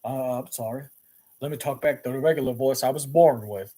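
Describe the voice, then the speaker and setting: Give me a man doing a young male film star with a deep, mild drawl, murmured low. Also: a little fast, mellow, breathy edge, lightly acted. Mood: puzzled.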